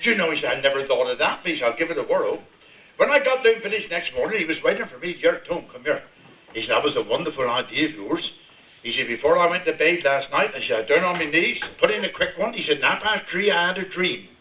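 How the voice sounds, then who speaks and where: A man's voice: fairly high pitch, expressive, quick pace, a little hiss or hum. Older West Country man spinning a yarn. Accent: West Country English. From Devon, England. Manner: broad rural yarn-spinning, chuckling as he tells it. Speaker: storyteller. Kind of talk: humorous dialect storytelling. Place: village hall, live audience. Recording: echoey hall, distant mic, dull sound.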